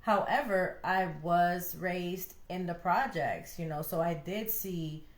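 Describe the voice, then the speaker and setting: Lively woman giving relationship advice in an echoey room. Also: fairly low pitch, slow pace. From Connecticut, USA. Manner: animated, acts out quoted voices. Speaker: podcast co-host. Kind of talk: casual relationship advice talk.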